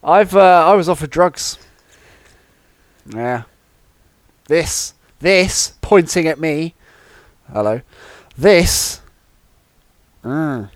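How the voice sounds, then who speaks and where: A man's voice: a little high, animated, extremely slow, long pauses, no echo. A man co-hosting a casual comedy chat, telling a rambling anecdote full of laughs and self-interruptions. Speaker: podcast co-host.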